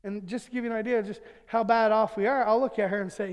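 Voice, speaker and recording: A man's voice: high voice, steady tone, quick pace, clean tone. A middle-aged pastor preaching a sermon, telling humorous family stories and chuckling at his own jokes before turning earnest. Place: church sanctuary. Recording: long church hall reverb.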